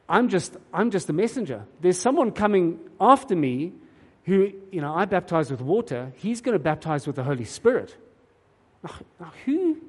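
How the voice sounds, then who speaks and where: Man, preacher, emphatic sermon delivery, slightly high voice, long hall echo. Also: darkish tone. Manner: earnest, emphatic preaching with repeated words.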